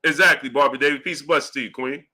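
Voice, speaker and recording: A man's voice: mid-range voice, fairly even intonation, very fast, bright, forceful tone. A man hosting a boxing live stream, arguing emphatically with rhetorical questions and reading out super chats. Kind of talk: heated live-stream commentary.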